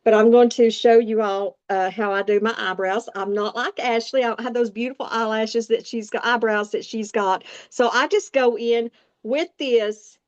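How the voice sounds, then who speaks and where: A woman's voice: on the high side, steady tone, moderate pace, highs cut off. A sixty-year-old woman with a Southern Appalachian accent, chatting folksily through a casual makeup tutorial and talking straight to viewers. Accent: Southern Appalachian American. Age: 60s. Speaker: makeup vlogger.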